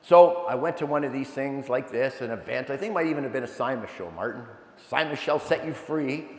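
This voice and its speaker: A man giving an animated, energetic motivational talk, telling stories with asides to a live audience. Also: mid-range voice, fast. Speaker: keynote speaker. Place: large event hall. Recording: echoey hall, long reverb.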